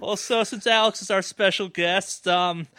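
A man's voice: sits high, steady tone, moderate pace, bright, forceful tone, no echo, studio quality. A young man hosting a casual podcast from his apartment, teasing his guests with jokes. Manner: teasing, joking banter. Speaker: podcast host.

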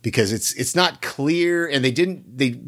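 An American man talks through a show he has just watched, loose and rambling, often restarting his sentences. His voice sits at an ordinary middle pitch. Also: expressive, measured pace. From United States. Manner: rambling, with many restarts and hedges. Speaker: podcast co-host. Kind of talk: casual chat reviewing a show.

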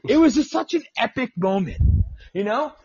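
A man's voice: very high voice, expressive, normal speed, darkish tone, breathy edge, no echo, dull audio. A man hosting a radio talk show, telling stories in a casual, profane way and mimicking the people he quotes. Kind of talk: casual political radio chat.

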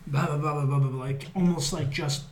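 Man talking about a film, casual, laughs a lot, swears, slightly high pitch. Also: fairly even intonation, fairly quick, echoey room. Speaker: podcast co-host. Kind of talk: casual movie discussion.

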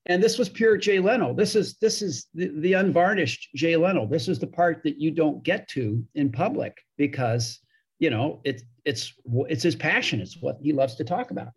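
A man's voice: on the high side, lively intonation, normal speed, breathy edge. A middle-aged man, a hockey broadcaster, telling anecdotes in a podcast interview and acting out the people he quotes. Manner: chatty anecdotal storyteller, acts out quoted voices.

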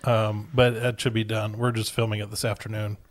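A man co-hosting a casual movie-review podcast, wry and deadpan, acting out silly little bits. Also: on the low side, brisk, no echo, clean studio sound. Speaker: podcast co-host.

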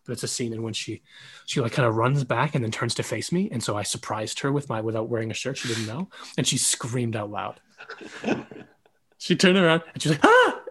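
A man with a middle-pitched, slightly husky voice hosts a podcast. He keeps things relaxed and chatty, telling stories casually and nodding along with quick affirmations. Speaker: podcast host. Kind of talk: casual conversational interview.

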